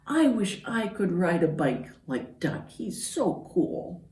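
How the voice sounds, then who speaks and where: A woman voicing a small, wistful male mouse with a soft, longing voice. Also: on the low side, big pitch swings, slow pace. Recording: roomy, from far off.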